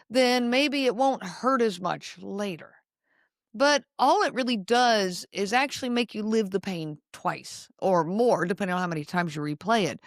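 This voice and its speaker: A middle-aged woman hosting an advice podcast, who explains things calmly and often checks in with the listener. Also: medium pitch, no echo, clean studio sound. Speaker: podcast host.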